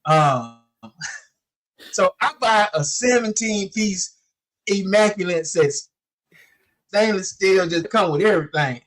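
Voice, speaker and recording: A man in his forties telling a story in casual chat, animated, acting out the quotes with many fillers. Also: high voice, slow pace, long pauses. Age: 40s. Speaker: podcast co-host.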